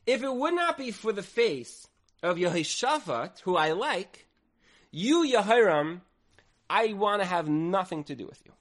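A man teaches a Torah lesson in a fairly high voice. He tells the story with drama, acting out the quoted lines, and his volume rises and falls as he goes. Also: sing-song, a little slow. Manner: dramatic storyteller, acts out quoted speech with swings in loudness.

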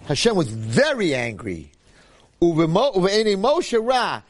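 A man's voice: high voice, measured pace. A man giving an informal Torah class, repeating his points and acting out the quotes he tells. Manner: animated, acts out quotes, repeats phrases. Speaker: Torah teacher.

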